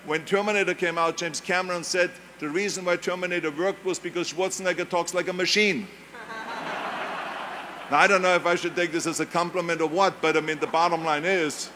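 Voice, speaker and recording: A man's voice: high voice, bright, forceful tone, a little hiss or hum. Older man with a thick German accent. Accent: Austrian German. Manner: emphatic storytelling, mimics others' voices. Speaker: speaker giving a talk. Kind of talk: motivational speech.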